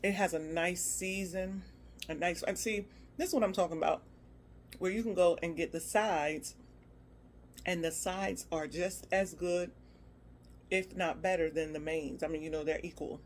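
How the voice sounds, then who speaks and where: A woman's voice: fairly low pitch, steady tone, moderate pace, a little hiss or hum. A woman food vlogger giving a casual, playful review, humming and exclaiming as she tastes. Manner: chatty and playful, hums and exclaims while tasting.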